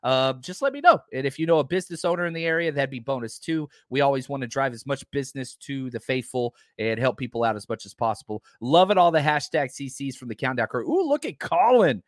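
A man hosting a casual live podcast, talking in a rambling, excitable way with lots of fillers. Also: mid-range voice, fast talker, few pauses, no echo, clean studio sound. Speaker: podcast host.

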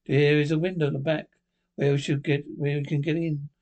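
A man's voice: fairly high pitch, little pitch movement, a little fast, darkish tone, close to an everyday voice. A man reading a hesitant, uneasy young man. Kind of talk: audiobook character voice.

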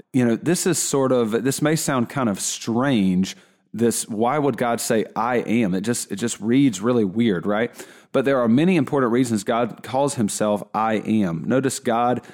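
A man teaching a Bible lesson in a conversational way, with frequent restarts and asides, slowing down to stress key points. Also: fairly low pitch, a little mellow. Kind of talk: casual teaching talk.

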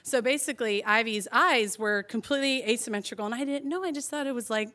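Young woman telling her story live, bubbly and chatty, says like a lot, voice sits a bit high. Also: a little fast. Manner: chatty and animated, heavy on "like", laughs through the telling.

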